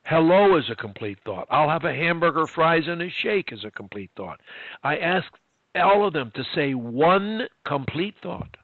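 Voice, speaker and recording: A man's voice: fairly high pitch, very animated, normal speed, dry recording. A man coaching a client one-on-one over a video call, emphatic and instructive, repeating his key phrases. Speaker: stuttering coach. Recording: tinny online call, dry.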